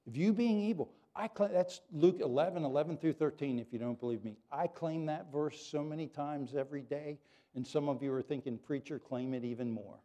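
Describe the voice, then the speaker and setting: Male pastor preaching to his church, mellow warm voice, earnest and lively. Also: a little high, a little fast. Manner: earnest, animated preaching that drops to soft prayer. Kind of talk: sermon.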